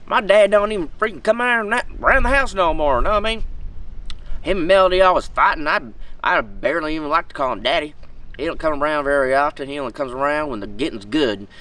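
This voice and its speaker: A man's voice: fairly high pitch, lively intonation, quick pace, sharp tone, far from the mic, rough recording. A man playing an aggrieved, rambling redneck in a comedic monologue, with a tobacco dip in his mouth. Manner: rambling, folksy, loses his thread.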